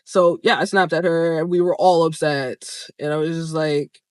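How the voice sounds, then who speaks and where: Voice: mid-range voice, steady tone, moderate pace, no echo. A young adult vlogger telling a story in a casual, candid way, swearing freely and laughing now and then.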